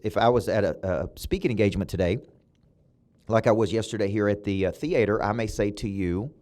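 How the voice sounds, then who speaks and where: A middle-aged Southern man with a fairly low voice drives a motivational talk in a punchy, preacher-like rhythm. He hammers points home, then leaps to sudden loud peaks. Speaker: motivational coach and podcast host. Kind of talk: motivational podcast monologue. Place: his own podcast studio building.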